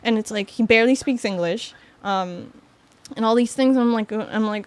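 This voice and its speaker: A woman's voice: a little high, normal speed. Chatty young woman telling a story. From Miami. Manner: animated storytelling with lots of "like" and laughter. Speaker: podcast guest. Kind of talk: casual chat.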